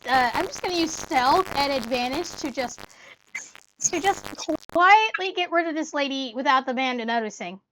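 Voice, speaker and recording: A woman playing a tabletop game, excitable and quick to joke. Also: high-pitched, a little hiss or hum, rough recording. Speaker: player. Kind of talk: casual tabletop game play.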